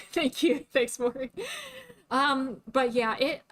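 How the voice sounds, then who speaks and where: Chatty young woman streamer, slightly high. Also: fairly even intonation, takes it slowly. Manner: chatty, filler-heavy, laughs often. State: voice starting to tire. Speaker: VTuber streamer. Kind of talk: casual livestream chat.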